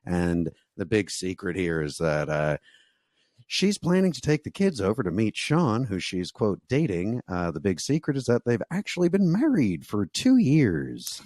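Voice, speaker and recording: New York guy co-host, low-pitched, sarcastic and jokey, voiceover polish, dry mic. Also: huge pitch swings, measured pace, darkish tone, dry recording. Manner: joking, wry, sarcastic asides. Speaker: podcast co-host. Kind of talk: casual recap chat.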